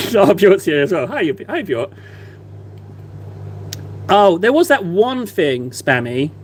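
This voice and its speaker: A man with a slightly higher-than-usual voice chats playfully with his live-stream viewers while he paints miniatures, teasing them in a mock-innocent way. A faint hum sits under the recording. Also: very animated, slow. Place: at a desk, painting.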